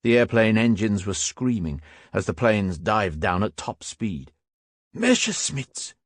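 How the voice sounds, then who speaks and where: A man narrating a first-person war memoir audiobook in a steady, grave manner. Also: on the low side, measured pace, no echo, clean studio sound.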